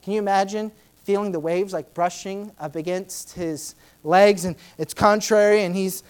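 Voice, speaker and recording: A woman delivers a sermon in a chatty, storytelling way. She leans on fillers and drops her voice low for earnest points, then acts out Bible scenes with sudden high, loud outbursts. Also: steady tone, normal speed, clean tone. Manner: dramatic, acting out Bible scenes in shifting voices; conversational, many "you know" fillers. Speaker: preacher.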